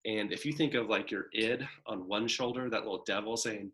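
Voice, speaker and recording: A man delivers a recorded college psychology lecture with a somewhat low voice. He talks casually, filling his points with "right?" and "kind of" as he walks through slides. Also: fairly even intonation, normal speed, fairly bright tone. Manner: conversational, frequent "right?" and "kind of" asides; acts out a demanding child's voice in examples.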